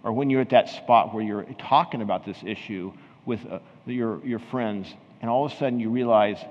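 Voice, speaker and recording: A man's voice: on the low side, moderate pace, few pauses, a little mellow. A man preaching a sermon in a church, telling a story conversationally and then pressing his point with earnest emphasis. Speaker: pastor. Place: church sanctuary. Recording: dull sound with long hall reverb.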